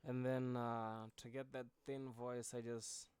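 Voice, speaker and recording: A man's voice: mid-range voice, flat delivery, a little slow, darkish tone, clear, resonant tone, dry recording. A man, a music producer, talking through his vocal mix in a loose, casual tutorial way with many fillers. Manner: laid-back, loose, with frequent fillers.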